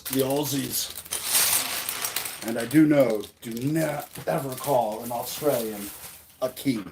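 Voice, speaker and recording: A man's voice: medium pitch, background noise. A man with an American accent, hosting a stream and talking in a rambling, casual way with lots of fillers. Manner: rambling, filler-heavy, chatty. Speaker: streamer host. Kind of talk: casual chat.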